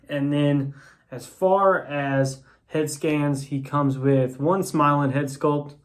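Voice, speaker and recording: A man casually reviewing an action figure on camera, talking loosely with lots of fillers and restarts. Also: mid-range voice. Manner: rambling, many fillers and restarts. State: has the hiccups. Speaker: toy reviewer.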